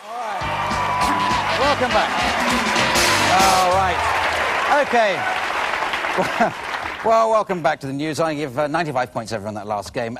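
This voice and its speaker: A man's voice: on the high side, a bit bright. A British man hosting an improv comedy show, hesitant and full of filler words. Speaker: game show host.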